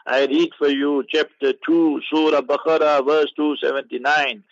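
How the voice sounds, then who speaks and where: Animated South African man answering questions. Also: on the high side, normal speed, vocal fry, highs cut off. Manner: animated, preachy, playful with wordplay.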